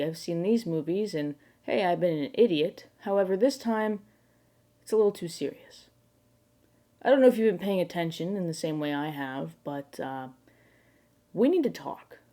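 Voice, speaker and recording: Brief: woman, lowish voice, spoof talk-show host, overblown mock outrage with swearing. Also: mellow. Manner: mock-serious ranting, bursts of outraged swearing. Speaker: late-night show host. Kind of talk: mock late-night monologue.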